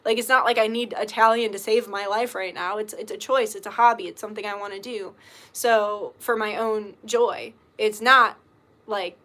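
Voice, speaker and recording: A woman's voice: on the high side, steady tone, normal speed, fairly bright tone. A woman reading tarot and chatting casually, rambling with lots of filler words and the odd swear word. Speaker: tarot reader. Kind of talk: casual livestream chat.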